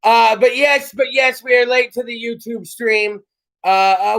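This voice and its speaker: Brief: male host, rowdy and jokey, strikingly high-pitched. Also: steady tone, a little slow, gravelly. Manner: loud, joking, rowdy. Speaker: podcast host. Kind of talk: casual comedic chat show. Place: home studio.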